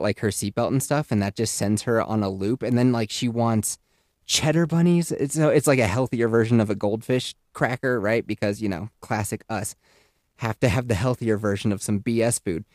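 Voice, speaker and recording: A young man telling a comedic story on a podcast, animated, swearing and laughing at his own story. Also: mid-range voice, dry recording, studio quality. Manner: exaggerated voices for quoted people. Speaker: podcast host.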